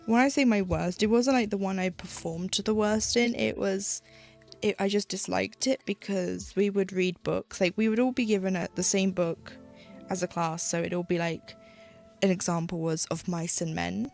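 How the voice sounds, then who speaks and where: British woman streamer, casual and rambling, a little gravelly, with faint music behind her. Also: mid-range voice, steady tone, normal speed, a little mellow. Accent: British English. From United Kingdom. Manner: chatty, rambling, with frequent "like" and restarts. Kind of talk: casual chat while stitching on a live stream.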